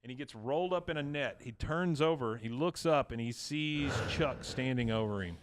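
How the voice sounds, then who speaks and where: A man's voice: mid-range voice, normal speed, noisy background. Casual man retelling a cartoon episode. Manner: retells scenes with many fillers and quoted lines. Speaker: podcast co-host recapping an episode. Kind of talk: casual chat.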